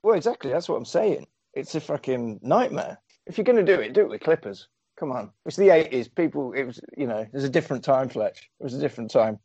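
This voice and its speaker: A man's voice: mid-range voice, expressive, warm tone, husky, no echo, dull audio. A man co-hosting a podcast, casually and swearily recapping a film's scenes with a joking tone. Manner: sweary, jokey, retells scenes with quick put-on quotes. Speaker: podcast co-host. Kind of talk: casual film recap chat.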